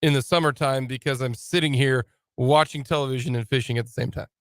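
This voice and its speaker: A man's voice: mid-range voice, fairly even intonation, quick pace, dry recording, clean studio sound. A man hosting a sports talk radio show, teasing his co-host and laughing often in casual banter.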